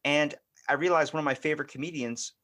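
A podcast host with a Baltimore accent chats in a loose, animated way. He tells stories with plenty of swearing. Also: fairly high pitch, fast. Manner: animated storytelling, swears freely. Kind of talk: casual chat.

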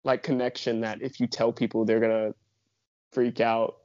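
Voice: medium pitch, level tone, normal speed, darkish tone, no room sound. A podcast co-host in casual chat, exasperated and full of rhetorical questions. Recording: dry muffled lo-fi.

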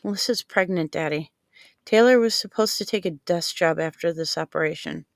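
Woman reading as a steady young field agent. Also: lowish voice, normal speed, dry recording, studio quality, lightly acted. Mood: grieving. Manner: even, frustrated.

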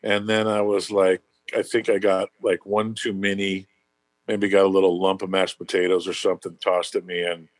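Man, lowish voice, casual rambling story, swears a lot, dry sound. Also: level tone, normal speed, no room sound. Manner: rambling, loose, swears freely, lots of fillers.

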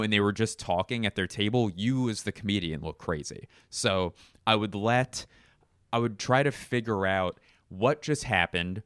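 Deep-voiced rambling comedian man. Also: moderate pace, fairly bright tone, clear, resonant tone, no echo, clean studio sound. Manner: rambling, profane, filler-heavy. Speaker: stand-up comedian. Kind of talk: casual storytelling chat.

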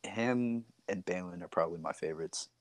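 A man's voice: low-pitched, a little fast, no room sound. A young American man, a podcast guest, telling stories in a laid-back casual chat. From United States.

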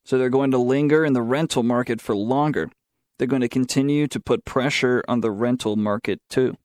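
A man's voice: medium pitch, brisk, a little mellow, no echo, clean studio sound. A young man with a Southern American accent hosting a student talk show, giving sarcastic opinions and reading news items aloud. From southern United States. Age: young adult. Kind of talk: opinionated talk radio monologue.

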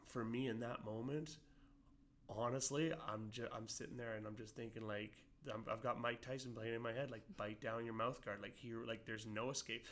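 Man, speaking in a medium pitch in a casual interview. He rambles and restarts often, with plenty of likes and ums, in a relaxed, conversational way. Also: normal speed. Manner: rambling, many fillers and restarts. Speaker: amateur boxer guest.

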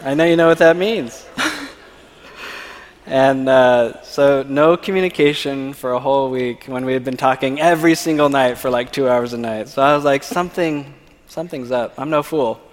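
A man with a mid-range voice tells a personal story to a church congregation, often pausing to ask "okay?". His voice carries a long reverb from a large sanctuary. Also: medium pitch. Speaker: church speaker. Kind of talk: personal testimony talk.

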